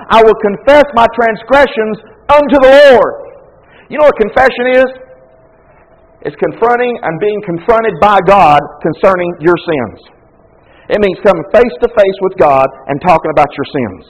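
A man's voice: high-pitched, rough recording. A man preaching a conversational sermon as pastor, often acting out hesitant prayers. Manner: conversational preaching, with frequent repetitions and acted-out prayers.

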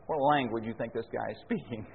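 A man's voice: mid-range voice, brisk, vocal fry, slight background noise. A man preaching a sermon, folksy and full of rhetorical questions, chuckling now and then. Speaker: pastor. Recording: echoey hall, phone-like lo-fi sound.

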